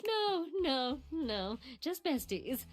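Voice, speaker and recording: A woman's voice: high voice, very animated, takes it slowly, heavily acted. A vain, giggly bathtub girl. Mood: amused. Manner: boastful, giggly, swooping. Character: vain bubbly female bathtub, self-obsessed. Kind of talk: game voice acting.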